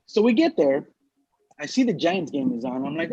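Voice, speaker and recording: A comedian from Los Angeles telling a story in casual chat, animated and profane, acting out the people he quotes. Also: on the high side, moderate pace, a loud crowd. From Los Angeles, USA. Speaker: comedian podcast co-host. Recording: dull lo-fi dry sound.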